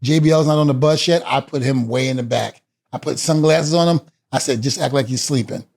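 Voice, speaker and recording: A middle-aged man, formerly a wrestler, speaks briskly in a medium-pitched, creaky, slightly mellow voice. As a guest, he tells an animated story, performing each person's lines with shifting voices and laughter in between.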